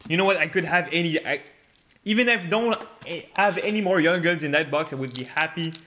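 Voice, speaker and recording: Opening hockey card packs amid slight background noise, a man offers casual commentary at a fairly quick pace, laughing often and bursting into loud gasps and swearing at good pulls. His voice is a little high.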